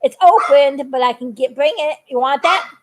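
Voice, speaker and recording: Older woman, high voice, chatty, earnest, laughs often, casual live video talk. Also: moderate pace, low-quality recording. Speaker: vlogger.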